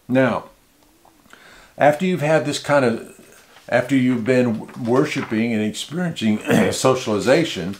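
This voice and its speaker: A man's voice: medium pitch, darkish tone. A man preaching a conversational sermon to a small church, teaching in an informal way with frequent restarts and repeated words. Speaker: pastor.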